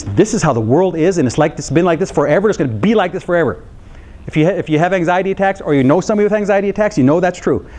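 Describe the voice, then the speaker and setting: A middle-aged man, a psychologist, telling a story in a talk to counselors and acting out his daughter's reactions. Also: a little high. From United States. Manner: animated, acts out his daughter's reactions with laughs and gasps.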